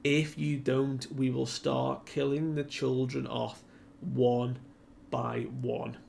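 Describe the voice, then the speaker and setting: A man's voice: medium pitch, flat delivery, slow, creaky, a little mellow, slight background noise. A man voicing a cruel male villain who coldly makes threats. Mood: menacing.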